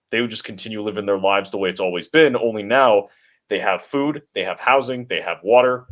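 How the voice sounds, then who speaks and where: A man with a fairly low voice delivers long, assertive political commentary as co-host of a talk stream. He talks in a steady flow and seldom stops.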